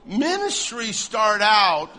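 A man preaching a humorous storytelling sermon, animated and laughing often. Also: sits high, takes it slowly.

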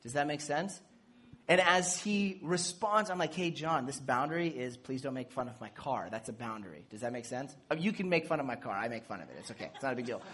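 A man preaching a sermon in a casual, animated way, acting out bits of dialogue and making playful asides. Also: mid-range voice, fairly quick, a little hiss or hum. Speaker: pastor.

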